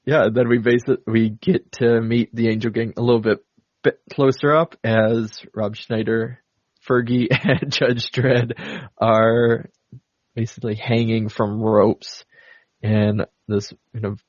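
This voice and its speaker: A man's voice: mid-range voice, level tone, slow, no room sound, lo-fi sound. A man co-hosting a podcast, casually retelling a film's plot in a rambling way, full of fillers. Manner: rambling, many fillers and laughs. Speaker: podcast co-host. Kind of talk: casual movie recap chat.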